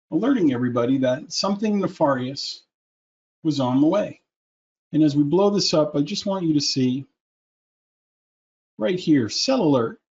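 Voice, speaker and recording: A man's voice: a little high, a little mellow. A man presenting a webinar in a persuasive, salesy way, with joking asides, over a computer mic. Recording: muffled lo-fi audio.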